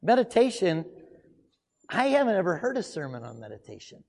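Man, preacher, emphatic sermon, rhetorical questions, loud then hushed, echoing hall. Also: high-pitched, huge pitch swings, fairly quick, creaky. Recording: long hall reverb.

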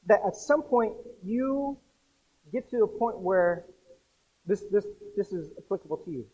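A man preaching a casual sermon to a group, chatty and animated, acting out voices in his stories. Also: sits high, slightly rough, phone-quality sound. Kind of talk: conversational sermon.

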